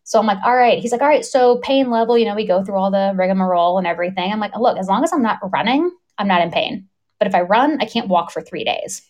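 A woman in her thirties telling a story in casual conversation, animated, often laughing and acting out the voices of people she quotes. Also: medium pitch, fast. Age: 30s.

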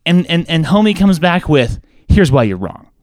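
Animated, swearing man ranting. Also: a little high, normal speed, no echo, studio quality. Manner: animated, profane, mocking quoted voices. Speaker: podcast co-host. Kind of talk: casual ranting chat.

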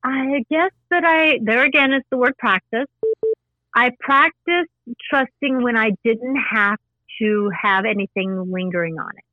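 Earnest woman guest, higher voice, dry close sound, patient teaching manner. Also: a little slow, no echo, muffled recording. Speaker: spiritual intuitive guest. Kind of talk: casual interview talk.

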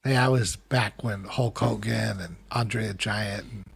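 A man's voice: lowish voice, unhurried, vocal fry, husky. A middle-aged man co-hosting a casual podcast chat, telling long rambling stories full of restarts and asides. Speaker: co-host.

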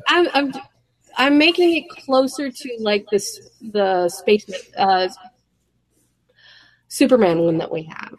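A woman co-hosting a casual round-table podcast, chatting in a quick, storytelling way full of fillers. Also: fairly high pitch, low-quality recording. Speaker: podcast co-host.

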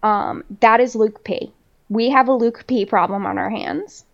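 A woman co-hosting a podcast, chatting casually in an animated, profane way and mocking people in exaggerated voices. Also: on the high side, a little slow, gravelly, highs cut off. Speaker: podcast co-host. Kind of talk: casual chat.

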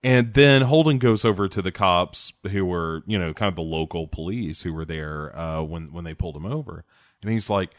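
A man's voice: sits low, lively intonation, normal speed, dry recording, clean studio sound. A man casually retelling a TV episode on a podcast, acting out the characters' lines and swearing freely. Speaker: podcast co-host recapping a TV episode. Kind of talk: casual chat.

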